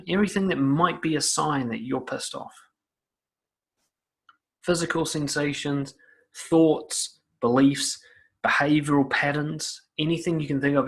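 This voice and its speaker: A man giving blunt, profane self-help advice straight to the viewer in an emphatic monologue. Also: mid-range voice.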